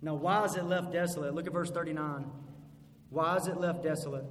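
A high-pitched man preaches in a big hall that rings with long, roomy reverb under a faint hiss of room noise. He talks with emphasis, climbing to loud peaks and then sinking low. The style is an expository sermon. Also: steady tone, a little fast.

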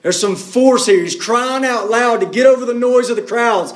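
A man preaching a sermon in a dramatic way, swinging between hushed low lines and loud cries. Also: moderate pace, few pauses, reverberant. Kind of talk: expository sermon.

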